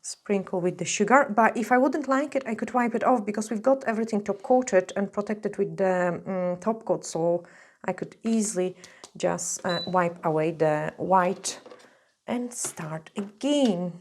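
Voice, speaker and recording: A woman's voice: mid-range voice, measured pace, darkish tone. A woman nail artist talking through a tutorial in a chatty, gushing way, full of fillers, while she is losing her voice. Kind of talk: casual tutorial narration while working.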